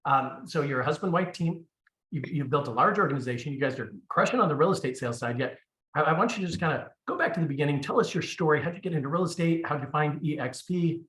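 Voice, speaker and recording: A man hosting a coaching call, delivering an energetic pep talk and introducing his guests. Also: on the high side, fast talker, roomy sound. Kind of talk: video call interview.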